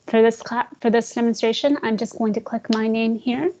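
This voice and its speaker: In this screen-share tutorial, a woman who trains agents on real estate software chats away, addresses them as "guys," and makes little jokes about glitches and the slow screen. Her pitch sits a bit high with a steady tone. The sound is muffled and lo-fi like web-call audio, with a little hiss or hum.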